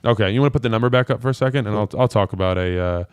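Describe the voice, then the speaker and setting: A young adult man hosting a live call-in show, breaking down football film in a casual, animated way. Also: fairly low pitch, rapid-fire, smooth, no room sound, clean studio sound. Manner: casual, animated, voices players' thoughts. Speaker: host.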